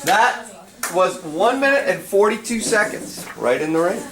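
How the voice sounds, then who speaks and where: A man running the session, briskly cueing each speaker and timing them. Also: high voice, big pitch swings, crowd noise. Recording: echoey room, distant mic, background noise.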